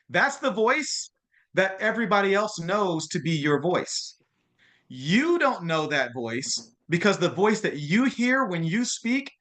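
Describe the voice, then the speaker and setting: A man in his thirties coaching real estate agents in a lively, conversational motivational talk, often restarting and acting out quotes. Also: on the high side. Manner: energetic, conversational, many restarts and acted-out quotes. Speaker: guest speaker, real estate social media coach.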